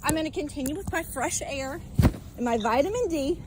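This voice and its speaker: An upset woman, a mother confronting police outdoors, yelling and defiant and repeating herself. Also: high-pitched, lively intonation, fairly quick, very noisy. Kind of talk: heated confrontation. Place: outdoors in a public place.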